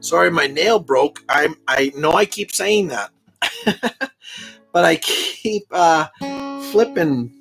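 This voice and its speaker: A middle-aged man talks casually and unhurriedly between songs, his voice lively in pitch and now and then catching from strain. He clears his throat often and pokes fun at himself. Loud guitar plays behind him. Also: takes it slowly. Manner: chatty, self-deprecating, clears throat often. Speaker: singer-songwriter streaming live. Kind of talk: casual chat between songs on a live stream. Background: his own guitar.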